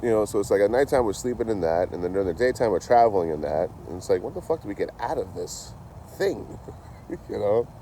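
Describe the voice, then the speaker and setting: A deep, mellow-voiced man talks outdoors in a casual, rambling way. He swears freely and leans on "you know" between thoughts. Faint traffic hums behind him in the street. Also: animated, fast talker. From Massachusetts. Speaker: traveling vlogger. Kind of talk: casual chat.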